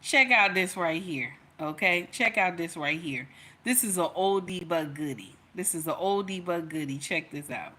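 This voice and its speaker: A woman's voice: fairly low pitch, expressive, normal speed, bright, forceful tone. A woman from Nigeria hosting a casual commentary livestream, chatty and preachy, talking straight to her viewers. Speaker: commentary channel host.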